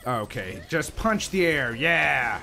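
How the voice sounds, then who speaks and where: A man giving casual, sarcastic let's-play commentary, animated and swearing often. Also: medium pitch, slow, gravelly. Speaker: gaming video host.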